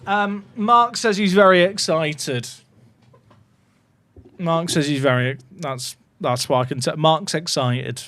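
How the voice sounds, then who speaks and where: A man's voice: on the high side, takes it slowly, fairly bright tone. A man casually commentating on his football management game, chatty and full of joking asides to his viewers. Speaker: gaming YouTuber.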